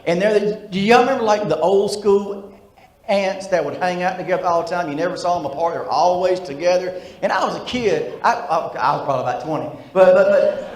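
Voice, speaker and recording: A man doing stand-up storytelling. He has a stutter and repeats words, and his voice sits a little high. He talks straight to the crowd in an echoey room. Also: fairly quick, darkish tone. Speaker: stand-up comedian.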